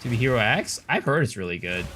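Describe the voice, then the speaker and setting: Man, game streamer, casual chat, blunt and opinionated, animated pitch. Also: fast, slight background noise. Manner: loose and opinionated, swears, answers chat. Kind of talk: casual livestream chat while gaming.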